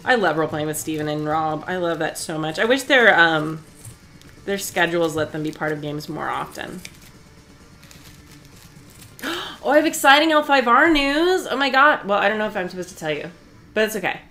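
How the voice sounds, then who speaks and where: A woman's voice: low-pitched, fairly quick, pushed and bright. A woman chatting casually on a live stream while she sews, talkative and often breaking into laughter.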